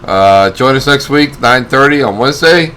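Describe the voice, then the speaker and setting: A man's voice: medium pitch, animated, sharp tone, slight background noise. Hesitant man signing off a show. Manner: halting, with frequent uh fillers. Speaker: co-host. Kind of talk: show sign-off.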